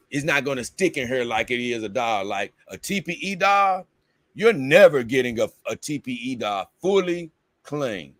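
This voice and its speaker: In a dry recording, a man with a medium-pitched, fairly bright voice hosts a livestream, chatting casually. He reads viewer comments aloud and rambles, now and then breaking into exasperated confusion.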